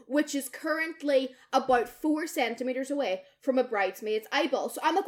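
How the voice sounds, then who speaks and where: A young woman co-hosts a casual podcast, her voice pitched a little above most women's. She tells stories with animated energy, swears freely, and slips into the voices of the people she describes. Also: normal speed, few pauses. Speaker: podcast co-host. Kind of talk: casual storytelling chat.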